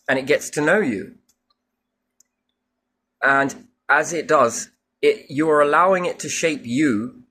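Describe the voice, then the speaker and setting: Man, husky mid-range voice, thinks out loud and quizzes himself, loose spiritual talk. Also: mid-range voice. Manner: musing, asks himself questions, casual swearing. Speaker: speaker musing on faith. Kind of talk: rambling spiritual monologue.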